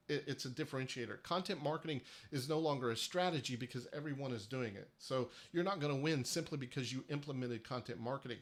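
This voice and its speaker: Man, livestream host, persuasive, emphatic, restarts sentences, medium pitch. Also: fast, hardly any pauses, a bit bright. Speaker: host of a marketing workshop livestream. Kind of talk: live-streamed marketing talk.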